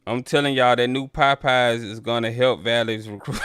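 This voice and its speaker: A man's voice: medium pitch, steady tone, moderate pace, fairly bright tone, clean tone, no room sound, clean studio sound. A man hosting a casual sports talk stream, talking loosely and calling his viewers y'all. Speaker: sports talk livestream host. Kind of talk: casual chat reading viewer comments.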